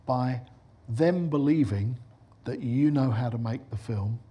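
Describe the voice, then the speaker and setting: A middle-aged film director giving a lecture, telling anecdotes and acting out the voices of the people in them. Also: male voice, mid-range voice, measured pace, warm tone, husky.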